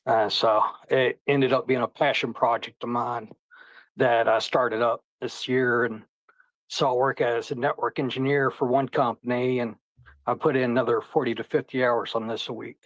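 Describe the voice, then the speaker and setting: A man from Indiana calling in to an online chat, calmly explaining his work. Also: mid-range voice, moderate pace, dry recording, rough recording. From Indiana, United States. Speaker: caller. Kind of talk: casual conversation. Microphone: online audio call.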